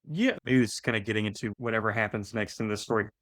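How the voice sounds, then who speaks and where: A man's voice: fairly low pitch, fast, a bit bright, no echo. A man co-hosting a casual chat and asking brief follow-up questions. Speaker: podcast co-host.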